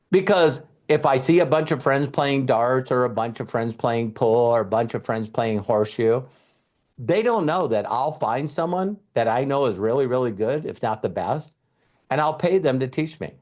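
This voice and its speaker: Animated man telling stories. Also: medium pitch, moderate pace. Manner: animated storyteller, acts out voices; casual, swears freely. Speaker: mentor and coach. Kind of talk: motivational talk.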